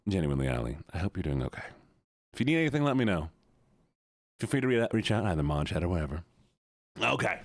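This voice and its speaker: Laid-back male streamer chatting with viewers, animated delivery. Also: sits low, quick pace, long pauses. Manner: laid-back, joking, talking to chat. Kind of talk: casual live stream chat.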